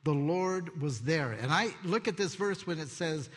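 A male preacher tells a personal testimony in a big reverberant hall, his voice sitting a little high for a man. He acts out each quoted line and swings from hushed, slow reflection to quick, excited bursts. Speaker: pastor. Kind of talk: sermon testimony.

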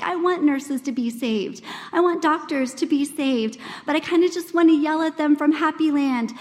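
The speaker, a high-pitched woman in her forties, gives a sermon at a women's church gathering at a normal speed, with a steady, slightly mellow tone. She speaks earnestly and conversationally, dramatizing quoted voices with large pitch shifts, as the big hall's long reverb echoes.

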